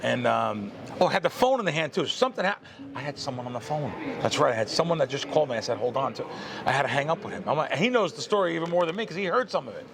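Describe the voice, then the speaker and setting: Over background crowd noise, a fast-talking man with a gravelly, slightly high voice spins a long tale on his podcast. He's a host and pro sports bettor, and he animatedly performs the voices of everyone he quotes.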